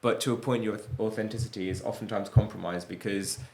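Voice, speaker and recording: A man's voice: lowish voice, fairly even intonation, a little fast, gravelly, a little mellow. A man co-hosting a casual interview, speaking earnestly and reflectively with many "kind of" hedges. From English Midlands. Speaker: podcast co-host.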